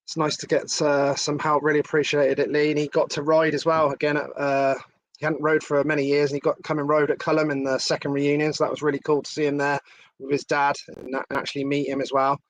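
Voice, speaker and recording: A man's voice: on the high side, completely flat delivery, fast, no room sound. Chatty man hosting a live stream. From England. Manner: chatty, swearing, laughing, reading out viewer comments. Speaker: host. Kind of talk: casual live-stream chat.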